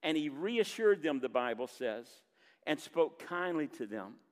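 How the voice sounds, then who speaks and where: Male pastor preaching earnestly, voice a touch high, long hall reverb. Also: very animated. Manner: earnest preaching, reading scripture aloud with pauses and emphasis. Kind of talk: sermon. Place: church sanctuary.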